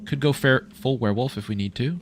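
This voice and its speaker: A Canadian man giving casual, excitable commentary while streaming a video game, reacting aloud and swearing freely. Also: mid-range voice, fast, slight background noise.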